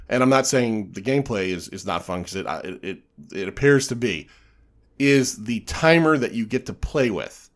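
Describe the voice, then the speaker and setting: Chatty male podcast host, rambling and laughing. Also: mid-range voice. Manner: rambling, self-correcting, laughs often. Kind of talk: casual podcast chat.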